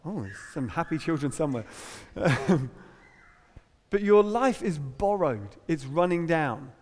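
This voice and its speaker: A middle-aged English preacher delivers a sermon from the front of a church hall, his voice sitting a little high for a man. He keeps it conversational and jokey, leaning hard on the words he wants to land. The room carries a long reverb behind every phrase. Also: sing-song, unhurried, darkish tone. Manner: conversational, humorous, emphatic.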